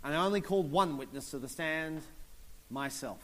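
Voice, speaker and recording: A man telling a comic story on stage, animated, acting out other people and voices as he goes. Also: a little high, normal speed. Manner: animated, acts out characters and voices. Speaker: stand-up comedian. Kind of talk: stand-up comedy storytelling.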